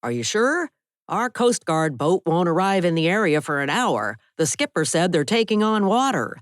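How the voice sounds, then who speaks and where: A woman's voice: fairly low pitch, very animated, moderate pace, dry recording, studio quality. A woman reading the part of a pressing Coast Guard dispatcher on a phone call in an audiobook. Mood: urgent. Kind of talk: audiobook character voice.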